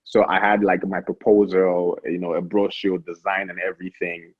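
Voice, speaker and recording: A man's voice: low voice, moderate pace, breathy edge, no room sound, narrow, tinny audio. A young Nigerian man, a founder and interview guest, telling stories animatedly with many restarts. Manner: animated, lots of restarts and stammered repeats. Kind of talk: casual interview storytelling.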